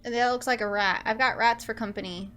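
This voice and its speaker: A woman's voice: on the high side, fairly even intonation, brisk, sharp tone. A woman gaming streamer chatting and joking casually while playing. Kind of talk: casual let's-play commentary.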